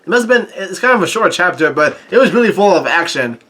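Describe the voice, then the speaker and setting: A man casually recapping a comic chapter as a channel host, halting often with fillers and tossing in crude asides. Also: high voice, sing-song, bright, forceful tone.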